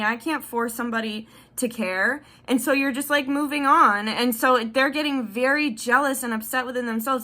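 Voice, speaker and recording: A woman's voice: fairly high pitch, bright, forceful tone. A woman giving a casual tarot reading, rambling and chatty with lots of filler words and casual swearing. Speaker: tarot reader.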